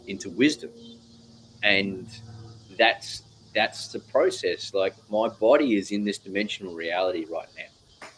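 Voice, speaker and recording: A man talks at an unhurried, drawn-out pace in a low register. He is a guest reflecting on spiritual ideas, musing aloud and dropping the occasional swear word. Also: slight background noise. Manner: slow, musing, drawn-out phrasing with casual swearing.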